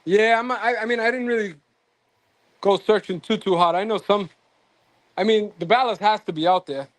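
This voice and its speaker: A man's voice: high voice, normal speed, dry recording. A man hosting a live stream in a casual chat, rambling and trailing off mid-thought. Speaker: stream host.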